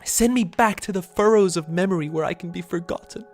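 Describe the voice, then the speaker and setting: A man's voice: high voice, brisk, darkish tone, soft background music, pitched above the performer's own voice, lightly acted. A man voicing a weary, furious ghost trapped in time, speaking in a theatrical, anguished way.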